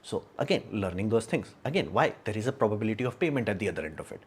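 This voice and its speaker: A man's voice: on the low side, sing-song, very fast, slightly rough. A man hosting a casual livestream, talking frankly and rambling, with many fillers and frequent laughs. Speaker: livestream host.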